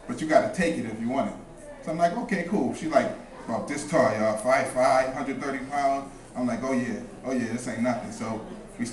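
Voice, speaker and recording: A young man doing a stand-up comedy set, telling stories in a laid-back, deadpan way. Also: medium pitch. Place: comedy club with a live audience. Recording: roomy club sound from a distance, crowd laughter. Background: audience laughing.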